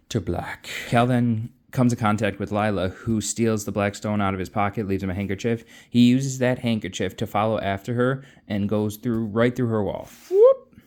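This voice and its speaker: A man's voice: lowish voice, a little mellow. Chatty man recapping a book plot. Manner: chatty, offhand storytelling. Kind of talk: casual plot recap with voiced quotes.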